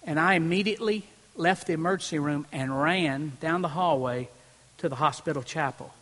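A pastor preaching a sermon from a church platform, telling a personal story and swinging from hushed moments to loud preaching. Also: male voice, fairly high pitch, normal speed. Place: church platform before a congregation. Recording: long reverb in a large hall.

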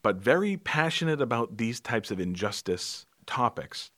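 A man's voice: mid-range voice, sing-song, normal speed, a bit bright. A man co-hosting a casual movie chat, talking about films with enthusiasm and explaining things as he goes. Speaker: podcast co-host.

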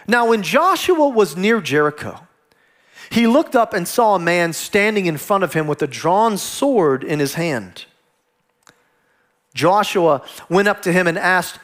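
Male pastor, sermon delivery, high and very animated, acts out the voices in his scripture stories. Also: a little slow. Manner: animated preaching, acts out quoted dialogue.

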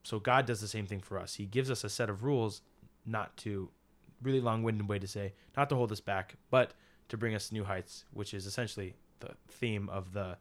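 A man's voice: lowish voice, steady tone, normal speed. A young man co-hosting a casual faith podcast, explaining at length in an earnest, rambling way with many fillers. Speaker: podcast co-host and teacher.

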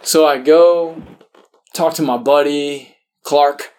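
A man, a priest, telling a personal story in a casual, animated way, laughing often and saying "like" a lot. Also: fairly high pitch, slow, clean tone. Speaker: Catholic priest.

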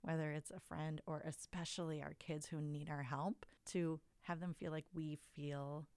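A woman hosting a podcast, talking in a warm, expressive way with emotional emphasis. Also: deep voice, moderate pace, clean tone, no room sound. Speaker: podcast host. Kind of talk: casual conversation.

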